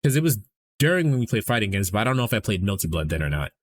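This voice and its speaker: A man's voice: lowish voice, sing-song, rapid-fire. A man hosting a live stream, talking in a casual, rambling way and swearing freely. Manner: rambling, profane, conversational. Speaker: streamer host.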